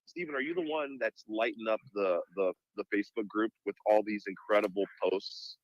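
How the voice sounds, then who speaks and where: A man's voice: fairly low pitch, lively intonation, fairly quick, dry recording, dull audio. A man co-hosting a live call-in podcast, talking in an enthusiastic, effusive way. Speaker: podcast co-host.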